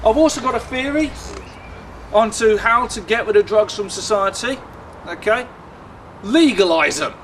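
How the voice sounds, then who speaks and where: A young man with a southern English accent delivers a stand-up set in a high, chatty voice. He is sardonic and drags out his punchlines. It was recorded outdoors with a faint hum of traffic behind him. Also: expressive, normal speed, pauses often. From Luton, England. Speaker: stand-up comedian. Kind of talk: stand-up routine. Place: outdoors in a city. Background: faint outdoor ambience and traffic.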